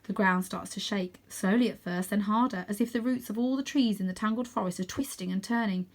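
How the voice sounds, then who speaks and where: A woman reads a children's novel aloud, narrating in the first person at a calm, steady pace. Her voice sits at an ordinary middle pitch. The reading is even and unhurried. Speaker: storybook reader.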